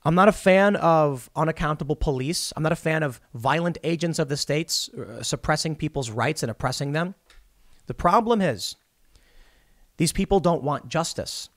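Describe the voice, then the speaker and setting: A man's voice: a little high, moderate pace, no room sound, studio quality. A man in his thirties hosting solo political commentary, talking emphatically and rambling with frequent restarts.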